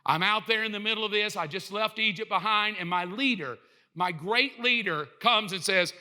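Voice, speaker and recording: A man preaching a humorous sermon, animated and joking as he acts out the people in his stories. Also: sits high, moderate pace. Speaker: pastor.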